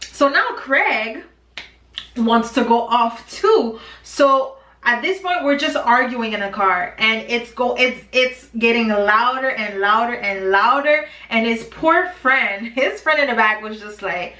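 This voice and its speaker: A woman's voice: a little high, animated, slow pace, sharp tone. A woman in her twenties telling a dramatic storytime in a chatty, slangy way while doing her makeup. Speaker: beauty vlogger. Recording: roomy, distant from mic.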